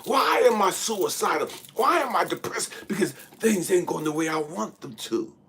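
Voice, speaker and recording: A man's voice: sits high, lively intonation, moderate pace, vocal fry, bright, forceful tone, a little hiss or hum. A man giving a blunt, profane spiritual monologue, preaching hard and at times dropping into a whisper. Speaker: spiritual speaker.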